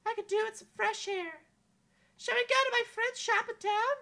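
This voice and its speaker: A woman voicing an excitable young princess in a high, squealing, overacted voice. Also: moderate pace, creaky, exaggerated voice. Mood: bubbly.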